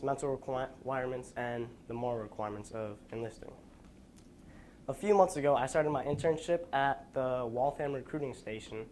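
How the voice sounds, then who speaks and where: A young man giving a school presentation, telling a personal story in an earnest, halting way with restarts, sounding tired. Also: medium pitch, darkish tone, slight background noise. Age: young adult. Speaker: student presenter.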